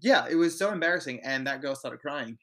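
A man's voice: a little high, lively intonation, fairly quick, fairly bright tone. Candid man telling office stories. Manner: candid, storytelling, swears freely. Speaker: podcast co-host. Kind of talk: casual chat.

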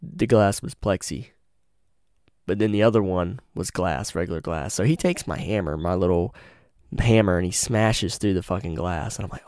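A young man tells a story on his podcast, loose and full of cursing and slang. His voice is a little low and mellow, almost warm, close and dry on a studio mic with no room sound. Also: brisk, clear, resonant tone, no echo. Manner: profane, slangy, animated storyteller. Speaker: podcast host. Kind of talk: casual storytelling monologue. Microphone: studio mic with pop filter.

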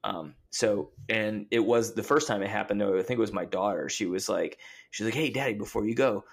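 A man's voice: fairly low pitch, steady tone, normal speed, gravelly. A middle-aged man telling family stories in a casual chat, rambling with many fillers.

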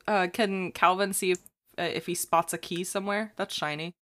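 A woman's voice: on the low side, steady tone, moderate pace, a bit bright. A woman playing a tabletop game, joking and giggling with the others. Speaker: player. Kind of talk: casual chat.

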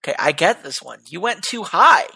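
Podcast co-host, casual and argumentative, very lively intonation. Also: medium pitch, a little fast, creaky, husky. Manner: animated, argumentative. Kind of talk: casual esports betting chat.

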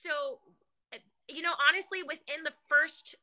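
Casual guest: a bright-toned, slightly high-voiced woman, animated storyteller, filler-heavy. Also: moderate pace, poor audio. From California. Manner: chatty, animated storytelling with many fillers and restarts. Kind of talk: casual conversation.

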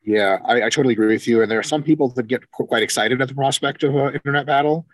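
A man co-hosting a casual podcast chat, animated and profane, acting out quoted exchanges as he talks. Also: medium pitch, fast talker, no room sound. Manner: animated, swears freely, acts out quoted exchanges. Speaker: podcast co-host, coach.

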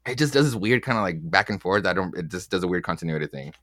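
A man's voice: low voice, expressive, quick pace, a bit bright, no room sound, studio quality. A man casually recapping comic book issues with his co-hosts, rambling and swearing freely as he acts out the lines. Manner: rambling, loose, swears often, acts out quotes. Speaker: podcast co-host.

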